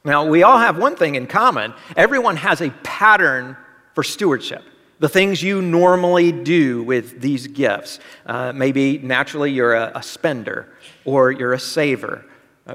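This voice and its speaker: A man's voice: on the high side, pushed and bright. Pastor guy preaching, kinda chatty, throws questions at people, big reverby hall. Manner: conversational preaching with rhetorical questions. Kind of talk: sermon.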